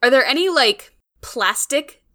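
A young woman playing in a tabletop game, talking casually and thinking out loud as she describes her character's moves. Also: high voice, unhurried. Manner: relaxed, thinking aloud with fillers. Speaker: player.

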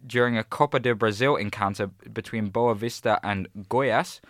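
A man's voice: lowish voice, normal speed, fairly bright tone, no echo. A man co-hosting a podcast, telling stories in a laid-back, chuckling way on a close mic. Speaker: podcast co-host. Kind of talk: casual chat, reading out stories.

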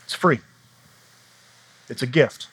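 A man's voice: slow, fairly bright tone. A man in his thirties preaching in a church, telling stories in a loose, conversational way with laughs and asides. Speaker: pastor. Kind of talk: sermon.

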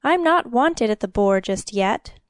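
A woman's voice: mid-range voice, expressive, unhurried, no echo, studio quality, natural voice. A woman voicing a playful, teasing young village woman with a lilting voice.

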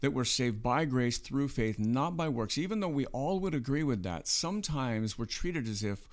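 This male co-host has a mid-range voice with lively intonation, talking at a normal pace with few pauses. On the podcast he earnestly and casually explains his faith, often adding "right?" to check in.

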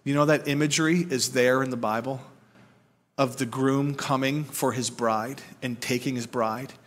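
A man's voice: medium pitch, fairly even intonation, moderate pace. A man in his forties preaching a sermon as pastor at a church service, talking earnestly to the congregation and building to fervent emphasis.

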